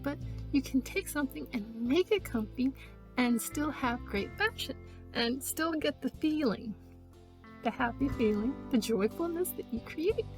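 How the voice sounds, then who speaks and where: A high-voiced woman chats casually in a vlog. She talks earnestly and emotionally about her faith, trailing off and restarting often, while faint music plays underneath. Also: expressive, measured pace. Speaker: vlogger.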